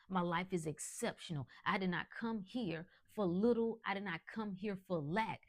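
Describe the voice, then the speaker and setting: A woman with a fairly low voice delivers a motivational monologue as a podcast host. She talks emphatically and colloquially, pressing her points like a sermon. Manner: emphatic, preachy, colloquial with laughs.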